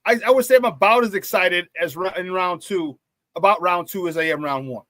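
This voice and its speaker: A man from the Chicago area hosts a casual sports talk radio show, his voice sitting high and his pace a little fast, with no room sound. He reads the live chat aloud, repeats himself, and is animated, laughing often.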